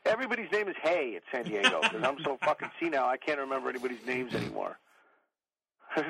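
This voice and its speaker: A man's voice: fairly high pitch, lively intonation, brisk, gravelly, pushed and bright, slightly rough, poor audio. Profane, rambling man. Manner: profane, rambling, comic rants. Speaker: podcast guest. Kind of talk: profane storytelling chat.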